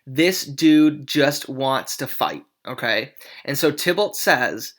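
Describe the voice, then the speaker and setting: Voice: mid-range voice, expressive, takes it slowly. A young adult teacher explaining a play in casual talk, often checking in with the class. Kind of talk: classroom lesson.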